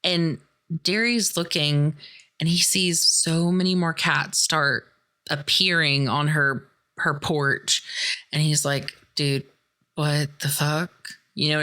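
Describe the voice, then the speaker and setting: A woman hosts a casual podcast and retells a horror film scene by scene. She talks in an animated, profane way. Her voice sits low in pitch but has a bright, forceful edge. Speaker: podcast host.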